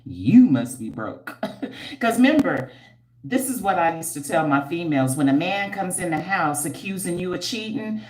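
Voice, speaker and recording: A woman's voice: on the low side, echoey room, a little hiss or hum. A woman hosting a casual livestream, blunt, slangy and teasing, breaking into squeals and laughs as she reads viewer comments. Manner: animated and preachy, with frequent squeals and laughs. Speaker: livestream host and hair care entrepreneur.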